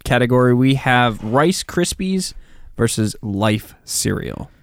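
A man co-hosting a casual podcast, announcing matchups slowly and making playful puns. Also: mid-range voice, lively intonation, dry recording. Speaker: podcast co-host running the bracket. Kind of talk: casual chat.

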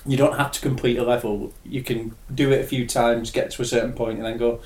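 A man's voice: medium pitch, level tone, fairly quick, darkish tone. A young adult man, chatting casually and enthusiastically, swearing now and then. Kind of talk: casual chat. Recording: echoey room.

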